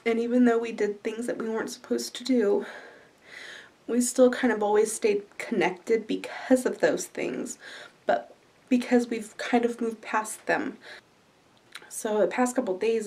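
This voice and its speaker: A woman talking candidly in a personal vlog from her living room, halting at times with fillers. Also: fairly high pitch, steady tone, darkish tone. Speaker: vlogger. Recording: voice a bit distant from the mic.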